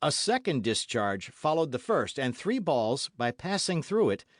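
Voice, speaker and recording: Guy reading a classic adventure audiobook, lively dramatic delivery, dry close mic. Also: medium pitch, a little slow, no room sound. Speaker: audiobook narrator. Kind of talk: scripted narration.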